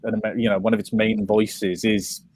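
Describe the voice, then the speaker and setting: A man's voice: fairly low pitch, little pitch movement, normal speed, darkish tone, husky. A Welsh man, a comics writer, talking in an interview, rambling with many restarts and fillers. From Wales. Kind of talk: interview conversation.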